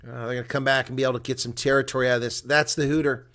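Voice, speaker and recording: A man giving solo live play-by-play and color commentary on a rugby match, chatty and excitable, jumping from loud outbursts to muttered asides. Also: medium pitch, very fast.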